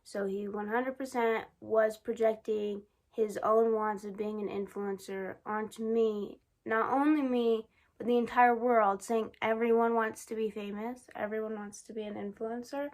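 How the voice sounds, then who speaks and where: A woman's voice: a little high, level tone, measured pace, hardly any pauses, a little mellow. Rambling young woman vlogger. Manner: rambling, musing, sometimes exasperated. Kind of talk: casual personal vlog.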